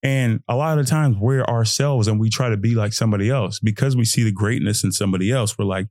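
A young man from Texas hosting his own podcast, talking loosely and in slang, jumping into high mocking voices when he quotes his own thoughts. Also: a little fast, darkish tone, no room sound, clean studio sound. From Fort Worth, Texas. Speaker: podcast host. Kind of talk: solo motivational podcast monologue.

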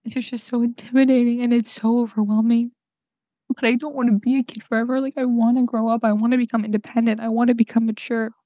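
A young woman recording a tearful, halting personal monologue on her podcast mic, crying and sniffling as she searches for words. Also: fairly high pitch, little pitch movement, mellow, no echo. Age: young adult. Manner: halting, full of fillers and restarts. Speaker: podcast host. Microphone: home podcast mic.

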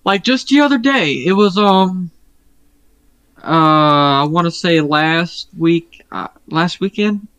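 A man co-hosting a podcast, telling a long story in casual chat, rambling and profane, often pausing on fillers. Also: on the high side, a bit bright, clean tone, no echo. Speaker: podcast co-host.

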